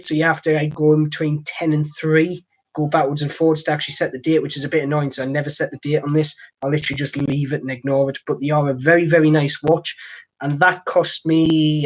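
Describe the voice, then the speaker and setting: A man from North East England with a Durham accent, hosting a casual live stream from home and rambling along with "like I say". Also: fairly high pitch. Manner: rambling, chatty, keeps saying "like I say". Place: home, next to his computer.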